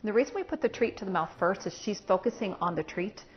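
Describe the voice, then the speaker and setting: A woman's voice: mid-range voice, expressive, quick pace, muffled recording. A woman dog trainer explaining steps in a practical way while working with a puppy at home. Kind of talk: hands-on training lesson.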